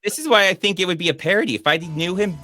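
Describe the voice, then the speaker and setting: A man's voice: high-pitched, quick pace, over music. A man hosting a casual movie review show, making sarcastic, mocking comments about a film. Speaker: podcast host and movie reviewer.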